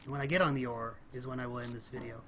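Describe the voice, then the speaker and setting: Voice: mid-range voice, fairly even intonation, racing, a bit bright. Rambling gamer with audible background hiss. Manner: chatty, thinks aloud, rambles, frequent little laughs and exclamations. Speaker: let's play gamer. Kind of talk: casual rambling game commentary.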